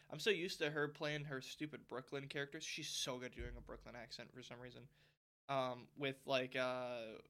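A young man co-hosting a podcast in casual chat, rambling with lots of fillers and getting loud when excited. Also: on the high side. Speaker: podcast co-host.

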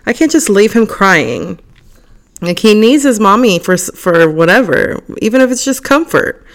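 A young woman hosting a podcast alone, chatting casually and reading forum posts aloud, animated and laughing often. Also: mid-range voice, normal speed. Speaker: podcast host.

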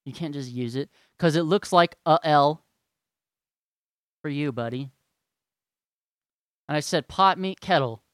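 A man's voice: on the high side, slow pace, long pauses, clean tone, no room sound, studio quality. A young man ranting, heated, profane and sarcastic. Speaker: vlogger. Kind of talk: angry rant.

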